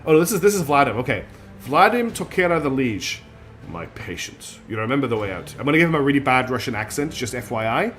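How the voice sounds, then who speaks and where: While streaming a game, a man gives casual commentary in a rambling, self-deprecating way. His mid-range voice is fast and a little bright, with big swings in pitch. Faint music sits behind him.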